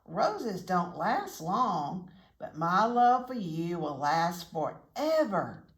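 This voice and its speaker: Loving mother hen, tender, slow reassuring speech, played by a woman, storybook voice, echoey room. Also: on the low side, very animated.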